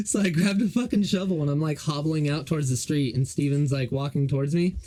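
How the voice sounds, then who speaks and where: A man's voice: fairly high pitch, fairly quick, mellow. A young man hosting a podcast, telling a story in a rambling, profane, casual way. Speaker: podcast host. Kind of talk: casual chat.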